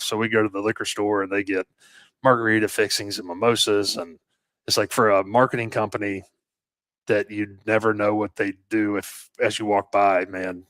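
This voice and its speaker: Casual storytelling man with low voice. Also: flat delivery, normal speed, a bit bright, no room sound. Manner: rambling, many fillers and restarts, swears casually. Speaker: podcast co-host and landscaping business owner.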